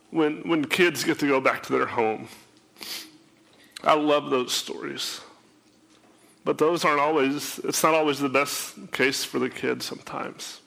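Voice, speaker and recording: A man sharing an emotional personal testimony, often halting and repeating his words. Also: mid-range voice, vocal fry, bright, forceful tone.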